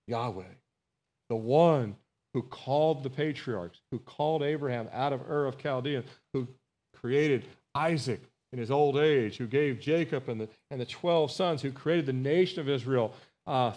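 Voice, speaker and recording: A man's voice: mid-range voice, unhurried, darkish tone. A male pastor preaching a Bible study sermon, earnest and emphatic, repeating words and calling out to his congregation. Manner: earnest, emphatic, rising on key phrases, asks the congregation "Amen?"; repeats words and restarts phrases.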